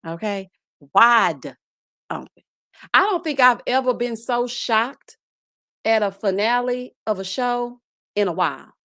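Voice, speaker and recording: A woman hosting a casual reality TV recap, sassy and animated, calling her viewers child and baby and breaking into laughs. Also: no echo, clean studio sound. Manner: bursts into high laughs. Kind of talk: casual chat.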